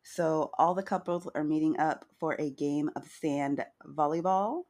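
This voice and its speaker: A woman co-hosting a casual recap chat, chatty and wry, with a slightly hoarse morning voice. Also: deep voice, unhurried, a little mellow. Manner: chatty, wry, retells scenes with quoted lines. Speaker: podcast co-host recapping a reality show.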